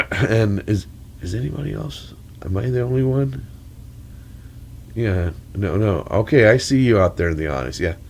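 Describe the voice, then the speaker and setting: A man's voice: fairly low pitch, expressive, moderate pace, gravelly, darkish tone. A man with a crackly, congested voice from a cold, rambling through a long mic check with corny jokes and wandering asides. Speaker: storyteller.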